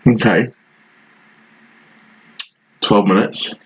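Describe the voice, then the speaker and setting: A man narrates a football management game match as it plays out, naming players and grumbling sarcastically about misplaced passes. His voice sits a little low and sounds husky, and he talks at an unhurried, drawn-out pace. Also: steady tone, fairly bright tone, poor audio. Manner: frustrated, sarcastic play-by-play. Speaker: gaming channel host. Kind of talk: live commentary over a football management game.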